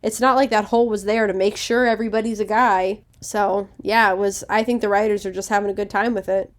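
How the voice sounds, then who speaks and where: A woman's voice: mid-range voice, fairly even intonation, a little fast. Chatty confident woman podcast co-host. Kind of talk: casual chat.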